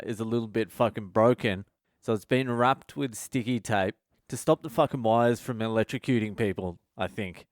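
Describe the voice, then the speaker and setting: A male comedian hosting his podcast, telling a funny story in a casual, animated way and swearing constantly. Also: mid-range voice, no echo, studio quality. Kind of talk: casual comic storytelling monologue.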